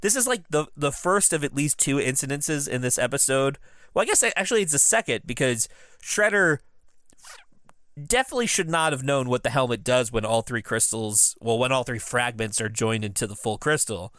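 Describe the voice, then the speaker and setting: A man's voice: medium pitch, lively intonation, fairly quick, a bit bright, dry recording, studio quality. A man in his thirties co-hosting a podcast, recapping episodes in a laughing, enthusiastic casual chat. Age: 30s. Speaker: podcast co-host.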